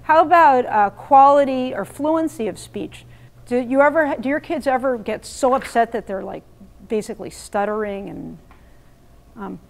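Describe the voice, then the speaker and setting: A woman with a somewhat high voice runs a live parenting workshop, speaking emphatically and firing questions at her audience. She keeps things interactive, shifting between explaining and prompting the room. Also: lively intonation, normal speed, vocal fry. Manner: emphatic, quizzes the audience, role-plays lines to kids. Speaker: workshop presenter.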